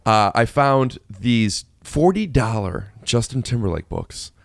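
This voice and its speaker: A man's voice: medium pitch, expressive, takes it slowly, gravelly, no echo, clean studio sound. A young man from Ohio hosting a podcast, playful and teasing, joking with his guest. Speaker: podcast host. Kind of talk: casual podcast conversation. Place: podcast studio.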